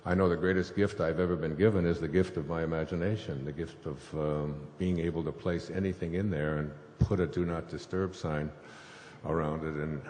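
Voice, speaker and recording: A man with a bass voice and darkish tone tells a scripture story briskly, his intonation fairly even. He's a spiritual author on stage before a live audience, rambling with fillers and chuckles. The recording picks up an echoey hall and faint noise.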